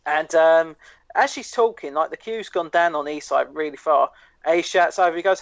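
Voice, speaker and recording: A man's voice: fairly high pitch, moderate pace, no room sound. A man co-hosting a podcast, telling rambling anecdotes with laughs and swearing. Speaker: podcast co-host. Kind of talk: casual chat, storytelling. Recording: dry, dull lo-fi podcast audio.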